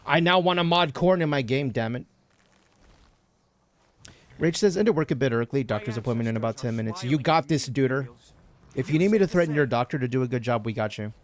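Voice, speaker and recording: A streamer from Texas talks casually on a gaming livestream, rambling from topic to topic and reading chat messages aloud. He speaks briskly in a mid-range voice.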